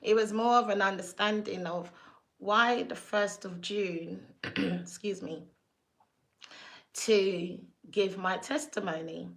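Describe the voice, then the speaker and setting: A woman's voice: mid-range voice, takes it slowly, vocal fry, pauses often. A young woman, hosting her own vlog, talking casually with laughs and asides to the viewers. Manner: chatty, lively, laughs and asides. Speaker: vlog host.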